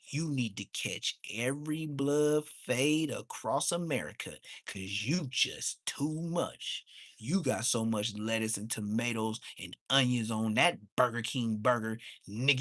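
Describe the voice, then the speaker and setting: A man, ranting on a livestream. He is heated and mocking, and his voice suddenly jumps high. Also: unhurried, fairly bright tone, dry recording, clean studio sound. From Inglewood, Los Angeles. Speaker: livestream host. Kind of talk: profane livestream rant.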